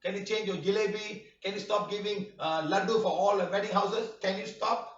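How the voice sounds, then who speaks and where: A man with a fairly high voice lectures his students, scolding them and firing rhetorical question after question. He sounds set back from a dull-sounding mic. The room around him is echoey and hollow. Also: steady tone, fairly quick, distant mic. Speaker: healing workshop teacher. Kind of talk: live online workshop talk.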